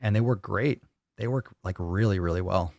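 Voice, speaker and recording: A man with a low, creaky, somewhat dark voice talks at a moderate pace, recorded dry on a studio microphone. He's a fitness podcast host running a live Q&A, reading viewer comments while joking crudely and mocking other people's voices.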